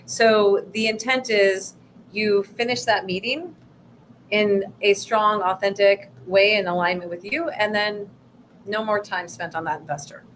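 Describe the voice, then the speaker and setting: A woman's voice: medium pitch, fairly even intonation, measured pace, fairly bright tone, slight background noise, low-quality recording. Upbeat woman co-hosting a workshop. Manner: upbeat, reactive, promotional. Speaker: workshop co-host. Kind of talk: workshop talk on pitching investors.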